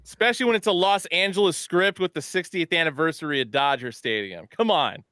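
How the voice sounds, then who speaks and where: A man's voice: fairly high pitch, brisk, sharp tone, clear, resonant tone, no room sound, clean studio sound. A man hosting a casual product recap, upbeat and joking with his co-hosts. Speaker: show host presenting new hats.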